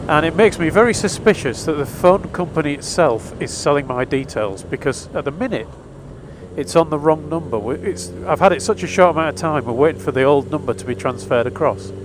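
A man's voice: on the high side, lively intonation, brisk, background noise. A man chatting wryly and with some exasperation as he tells a story while riding a motorcycle. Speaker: motorcycle vlogger. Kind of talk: casual storytelling monologue. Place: outdoors on a motorcycle.

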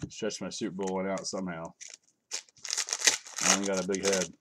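A man's voice: low-pitched, level tone, normal speed, heavy background noise. A middle-aged man hosting a live card break, reading out cards and joking casually with his viewers. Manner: offhand, joking, reads out cards while chatting to viewers. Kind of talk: casual live-stream chat.

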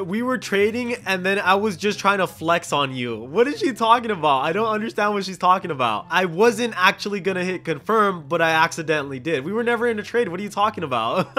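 A man giving excited gameplay commentary, often breaking into laughter and reading chat messages aloud in an exaggerated voice. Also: sits high. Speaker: gaming YouTuber.

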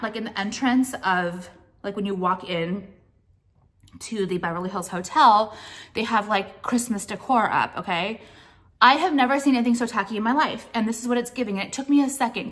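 A woman's voice: mid-range voice, a bit bright. Young adult woman, vlogger, blunt and profane, opinionated rant delivery. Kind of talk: casual vlog rant.

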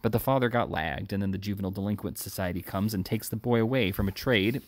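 A man reading aloud as a surly, short-tempered housebreaker, blunt and gruff in his speech. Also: lowish voice, quick pace.

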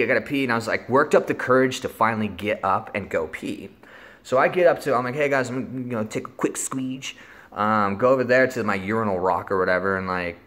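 Young male vlogger, low and bright voice, loose rambling storyteller. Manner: rambling, lots of filler words and swearing. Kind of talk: casual storytelling.

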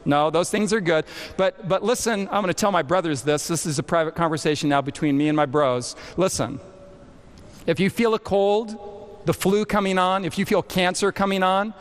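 High-voiced man preaching in an echoing hall. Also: normal speed. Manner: animated, questions the audience directly. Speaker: camp meeting speaker. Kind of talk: sermon. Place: large hall with audience. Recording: long hall reverb.

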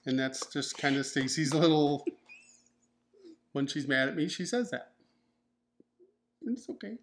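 A man's voice: a little high, animated, measured pace, a little hiss or hum. A man co-hosting a couple's diet vlog, chatting casually in a joking, rambling way. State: nursing a broken ankle. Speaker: co-host of a couple's keto vlog. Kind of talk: casual chat.

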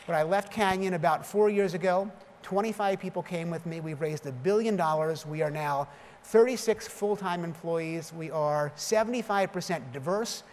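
Middle-aged man, keynote speaker, emphatic and jokey, higher voice, big echoing hall. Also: moderate pace, a little mellow. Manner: storytelling, emphatic, jokey asides. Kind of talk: conference keynote speech. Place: large conference hall. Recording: reverberant hall with faint noise.

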